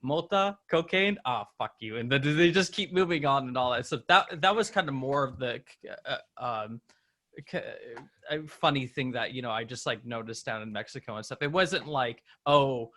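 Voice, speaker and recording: A man hosting a podcast, chatting casually and telling animated travel stories, acting out the people he quotes. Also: medium pitch, moderate pace. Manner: many fillers and restarts. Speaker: podcast host. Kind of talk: casual conversation.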